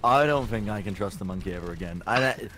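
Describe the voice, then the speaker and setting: Animated sweary young man telling a story. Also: lowish voice, fast, slight background noise. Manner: animated, sweary, stumbling restarts. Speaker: podcast co-host. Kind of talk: casual storytelling chat.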